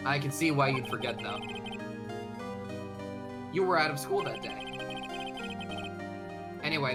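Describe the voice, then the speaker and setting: A man hosting a let's play, reading the game's story dialogue aloud in a plain, even way. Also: medium pitch.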